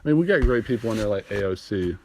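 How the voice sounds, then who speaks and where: A man's voice: on the low side, expressive, fast talker, a little mellow, a little hiss or hum. A young man doing a rambling, profane stand-up comedy monologue and laughing at his own jokes, recorded on a phone. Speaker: amateur comedian.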